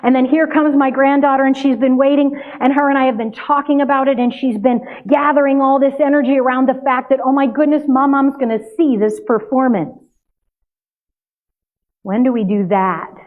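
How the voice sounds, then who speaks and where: An older woman giving a sermon, telling a family story in a conversational, lively way. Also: sits high, brisk, few pauses. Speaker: minister. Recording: tinny phone-like sound.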